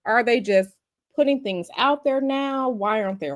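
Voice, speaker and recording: A woman's voice: a little high, moderate pace, dry recording, studio quality. A woman hosting a casual livestream, chatty and sassy, calling her viewers y'all and baby. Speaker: livestream host.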